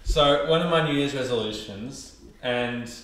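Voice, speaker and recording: A man's voice: medium pitch, unhurried, fairly bright tone. A young Australian man with an Australian accent, rambling and joking as a podcast host in casual chat. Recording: echoey room, faint background noise.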